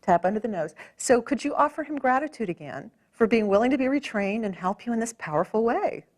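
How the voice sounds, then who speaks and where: A woman practitioner gently coaching a client through a tapping session, encouraging and calm. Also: on the high side, a little fast.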